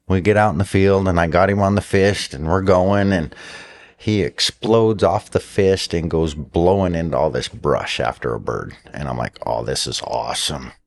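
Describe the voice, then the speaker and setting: Guest: deep-voiced man, easygoing, tells stories plainly. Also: darkish tone. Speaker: falconer guest. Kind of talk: casual storytelling.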